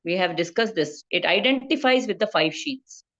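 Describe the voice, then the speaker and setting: A woman's voice: medium pitch, expressive, normal speed, a bit bright, dull audio. A woman leading a scripture study class over a video call, explaining patiently and tagging her points with "no?". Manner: explanatory, tags questions with "no?". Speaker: study group teacher.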